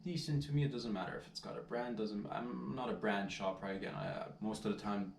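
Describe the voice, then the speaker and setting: A man's voice: lowish voice, steady tone, a little fast, gravelly, a little hiss or hum. A man vlogging casually, rambling and laid-back, saying "dude" and "man" constantly. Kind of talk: casual storytelling vlog. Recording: roomy sound, distant mic, faint ambience.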